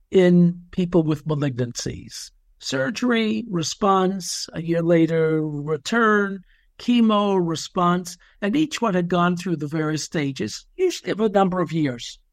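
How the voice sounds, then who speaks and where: A middle-aged man who works as an ethicist, telling stories in a measured, conversational way and sometimes stumbling on his words. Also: high voice, no echo, clean studio sound. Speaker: ethicist and physician doing assessments. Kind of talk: conversational storytelling.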